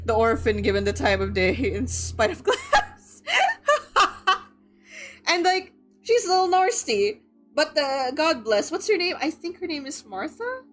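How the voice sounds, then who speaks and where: A woman's voice: sits high, huge pitch swings, slow, pauses often, a bit bright, faint music behind. A young woman from the Philippines hosting a book club, chatting casually and rambling with lots of filler words and giggles. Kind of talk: casual livestream chat.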